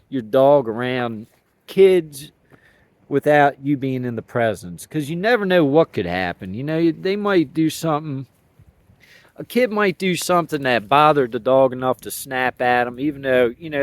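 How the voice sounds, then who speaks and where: A man's voice: mid-range voice, expressive, moderate pace, no room sound. A man talking casually outdoors about training his dogs, in a laid-back, rambling, folksy way with plenty of slang. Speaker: dog owner sharing training thoughts. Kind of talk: casual outdoor vlog talk.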